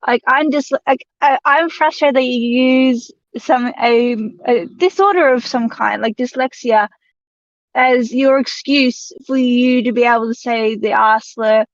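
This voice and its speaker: A woman's voice: on the high side, measured pace, no echo, dull audio. A woman with an Australian accent, talking in an indignant, emphatic way in a casual online chat.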